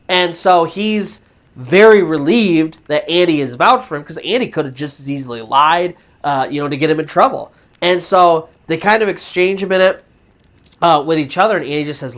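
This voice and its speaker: A storytelling channel host retells a true ghost story loosely and conversationally, with fillers and restarts. His voice is a little high and a bit bright, at a moderate pace.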